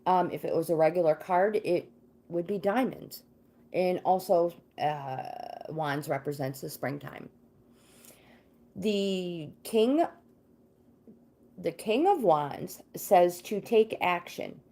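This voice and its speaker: Woman host reading tarot live, unhurried and chatty, drifts off track. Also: on the low side, expressive, warm tone. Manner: chatty, easily sidetracked, greets viewers by name. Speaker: livestream host and tarot card reader. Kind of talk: casual livestream chat with card readings.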